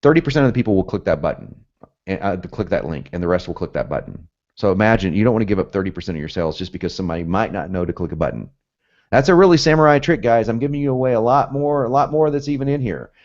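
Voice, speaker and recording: A low-pitched man with a Southern US accent, with some Northern traces, teaching copywriting with big swings in his intonation. He talks emphatically and gets pumped up, repeats points, and drops in asides. The audio is a bit dull and lo-fi. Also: animated, quick pace, a little mellow. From United States, both North and South. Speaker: copywriting course instructor. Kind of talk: energetic teaching talk.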